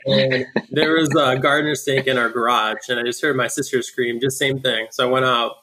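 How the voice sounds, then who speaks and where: A man who is a guest on a podcast, telling a story in a quick, joking way. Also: mid-range voice, fairly even intonation, bright, forceful tone, slight background noise, rough recording. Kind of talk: casual chat.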